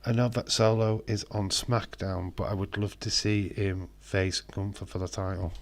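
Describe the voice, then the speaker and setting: A man's voice: lowish voice, fairly even intonation, moderate pace. A man hosts a live watch-along stream, commenting casually and bantering with viewers as he reads the chat aloud. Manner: bantering and teasing with viewers, frequent restarts.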